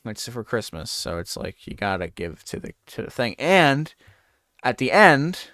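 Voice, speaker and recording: A man's voice: medium pitch, a little slow, no echo, clean studio sound. A man hosting a talk show, telling a rambling comedic bit and acting out scenes. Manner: animated, rambling, acts out scenes.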